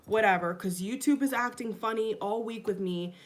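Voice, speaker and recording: A woman's voice: mid-range voice, moderate pace. A woman vlogging into her phone in her kitchen, upset and agitated, repeating herself and swearing as she talks to her viewers. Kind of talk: casual vlog rant. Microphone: phone camera.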